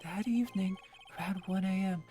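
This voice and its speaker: A jittery young man on trial stammers through his story, stumbling over denials, as a woman voices him. The tone is mellow and soft-edged, at an ordinary middle pitch. It comes from a fan voice-over of a game. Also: moderate pace, faint music behind, lightly acted. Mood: nervous. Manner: stammering, flustered.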